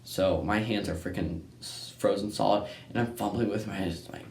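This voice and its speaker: Brief: young guy, lowish voice, loose rambling storyteller, echoey room with faint noise. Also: fairly even intonation, moderate pace, a little mellow. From Texas. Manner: rambling, keeps asking "right?" and saying "anyways". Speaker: hunting channel host. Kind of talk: casual storytelling.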